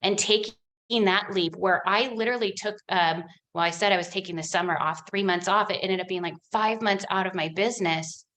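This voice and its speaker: A woman in midlife talks openly as an interview guest. Her voice sits at a middle pitch, and her telling is lively and chatty, with lots of "like". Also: a little fast. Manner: animated, chatty storytelling with frequent "like". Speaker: guest, money coach. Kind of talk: candid interview chat.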